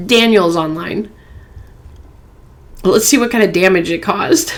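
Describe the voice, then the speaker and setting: A woman's voice: mid-range voice, measured pace, long pauses, slight background noise. A woman hosting a phone game playthrough, reading chat messages aloud in a playful, chatty way. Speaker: gaming channel host.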